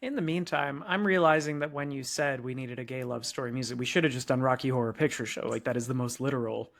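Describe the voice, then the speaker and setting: A man's voice: medium pitch, fast, creaky, fairly bright tone. Man, podcast co-host, casual chat, chatty, joking, hedging.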